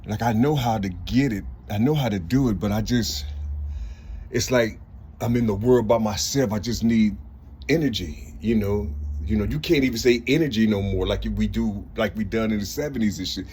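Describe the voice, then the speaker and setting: A man's voice: lowish voice, moderate pace, darkish tone, slight background noise. An older man talking to the camera in a rambling casual monologue, repeating "you see" and swearing a lot. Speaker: vlogger.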